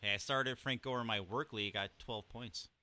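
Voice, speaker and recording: A man co-hosting a football podcast, giving laid-back, measured answers in casual chat. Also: mid-range voice, steady tone, sharp tone, no echo. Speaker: podcast co-host on a call.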